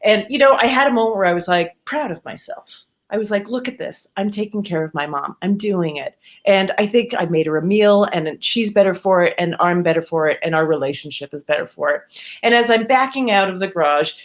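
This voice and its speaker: Woman, live storyteller, conversational, animated quotes, middle pitch. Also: a little fast. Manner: conversational with fillers and self-interruptions.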